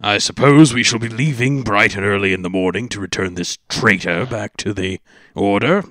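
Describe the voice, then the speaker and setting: A man voicing a pompous, loud male paladin commander who speaks in a stiff, formal way. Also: fairly low pitch, moderate pace, dry recording, studio quality, natural voice. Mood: haughty.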